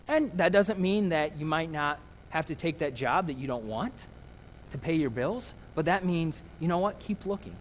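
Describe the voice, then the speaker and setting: A pastor in his thirties delivers a conversational sermon, easing into anecdotes with self-deprecating humor. His voice sits a little high for a man. The sound hangs in a long hall reverb. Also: animated, moderate pace, slight background noise.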